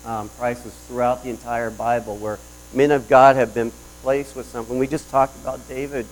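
A man's voice: medium pitch, little pitch movement, normal speed, low-quality recording. A man delivering a sermon in a conversational storytelling way, telling a personal story with frequent restarts. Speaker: preacher.

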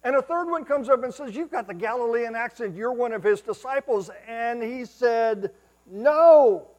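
A male preacher delivering a sermon, retelling scripture as dramatic storytelling, rising to loud exclamations and dropping to hushed asides. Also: very high voice, moderate pace, in a large hall, rough recording.

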